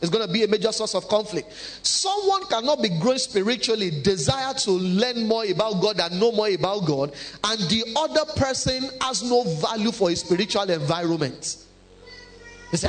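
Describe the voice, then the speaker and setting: A man preaching a sermon, animated and humorous, acting out quotes. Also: sits high, moderate pace. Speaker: pastor.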